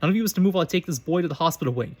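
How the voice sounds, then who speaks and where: Male reader voices a brisk, stern older woman instructor barking commands in a storybook reading. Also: on the high side, expressive.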